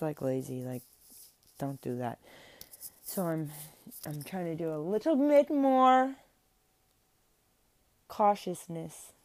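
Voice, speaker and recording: A young woman, a faith vlogger, speaks into a mic at home in a mid-range voice with a dry recording. Her casual, earnest monologue about her faith rambles, with many restarts and fillers.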